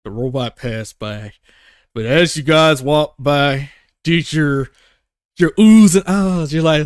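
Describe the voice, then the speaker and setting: A man's voice: fairly high pitch, slow pace, smooth, dry recording, clean studio sound. A man narrating as game master in a loose, joking way.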